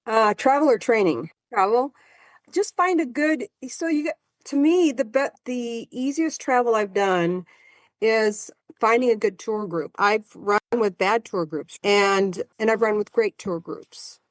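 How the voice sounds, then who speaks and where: A woman in her sixties, a marathon runner guesting on a podcast, telling stories in a chatty, animated way. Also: a little high, unhurried, no room sound, studio quality. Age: 60s. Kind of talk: casual storytelling chat.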